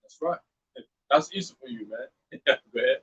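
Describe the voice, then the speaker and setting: A man's voice: medium pitch, fairly quick, fairly bright tone, slightly rough, lo-fi sound. A man preaching in a casual, profane, fired-up way, mixing scripture with blunt storytelling. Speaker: street preacher.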